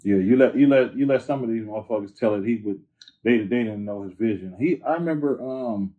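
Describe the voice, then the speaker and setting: A man from the Bay Area, a rapper telling stories in a casual, slang-filled interview, filler-heavy and animated. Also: lowish voice, a little fast. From Bay Area, California. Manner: animated, slangy, leans on "you know". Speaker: rapper guest. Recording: phone-like lo-fi line.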